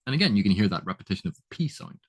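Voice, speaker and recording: Low-voiced man explaining literary terms. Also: very animated, racing. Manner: chatty, laughs at own examples, restarts often. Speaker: literature educator. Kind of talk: casual explanatory lesson.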